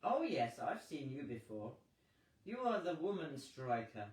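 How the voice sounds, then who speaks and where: A man reading aloud and voicing a fierce, indignant older woman who scolds in slow, clipped phrases, as in a storybook. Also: mid-range voice, big pitch swings, a little mellow. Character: indignant older American woman, candidate's wife. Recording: roomy, distant mic with faint noise.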